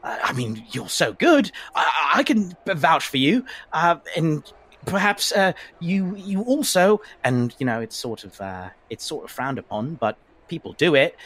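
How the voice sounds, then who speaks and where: A flustered, eager fan who stammers and rambles in a lively, high voice, as a man acts it out in a fantasy tabletop game. The pitch jumps around a lot as the words tumble out. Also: full character voice.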